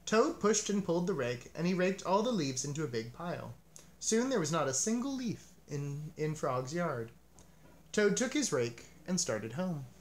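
A man reading a children's storybook aloud, gentle and expressive in his narration. His voice moves through a lively, varied range of pitch as he tells the story. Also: moderate pace. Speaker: storybook reader.

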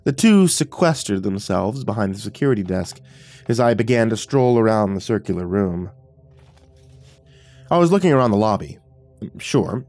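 A man narrating a scripted horror story in a measured storytelling way. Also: lowish voice, darkish tone.

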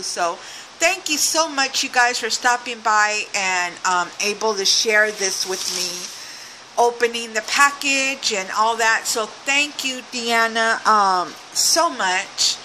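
A woman's voice: fairly high pitch, expressive, slow, sharp tone, a little hiss or hum, low-quality recording. A woman craft vlogger opening a swap package, gushing and exclaiming as she goes. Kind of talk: casual unboxing chat.

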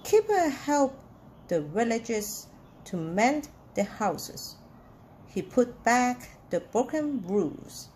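A woman reading a children's storybook aloud in a slow, clearly enunciated, sing-song way. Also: on the high side, sing-song, darkish tone, a little hiss or hum.

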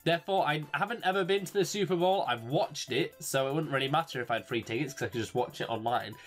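A young man from England with an English accent, chatting casually and jokily to camera as a YouTuber, rambling and quick to exclaim. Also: fairly high pitch, fairly bright tone, faint music behind. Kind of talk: casual solo commentary. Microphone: desk microphone.

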